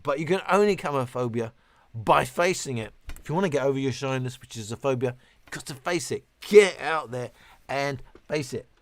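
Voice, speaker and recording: A man's voice: mid-range voice, lively intonation, normal speed. A man in his fifties hosting a casual livestream, rambling and chatty as he answers viewer questions, often breaking off and restarting. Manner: rambling, chatty, self-interrupting. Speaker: livestream host.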